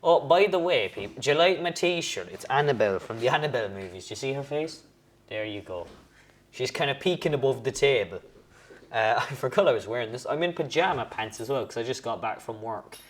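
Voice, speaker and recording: A man's voice: mid-range voice, lively intonation, brisk, slight background noise. Rambling man tasting beer at home. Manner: rambling, self-correcting, chatty. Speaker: host reviewing beers. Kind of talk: casual beer-tasting vlog.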